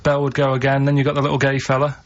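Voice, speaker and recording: A man with a Manchester accent, a radio show regular, telling rambling anecdotes in a deadpan way. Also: medium pitch, racing. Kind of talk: casual radio banter. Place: radio studio. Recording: dull radio sound with faint hiss.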